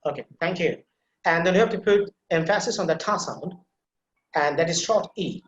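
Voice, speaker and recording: A man's voice: sits high, normal speed, highs cut off. A man teaching a pronunciation class, breaking words into sounds syllable by syllable and repeating them for learners to copy. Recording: echoey room.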